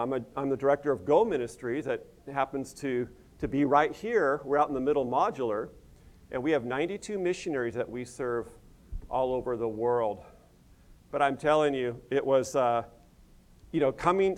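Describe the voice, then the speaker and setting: A middle-aged man from the United States preaching to a congregation. He talks in a chatty, folksy way, tossing in asides as he goes. His voice sits a little higher than most men's. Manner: conversational, folksy, with asides like "you know". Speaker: pastor and missions director. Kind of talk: sermon.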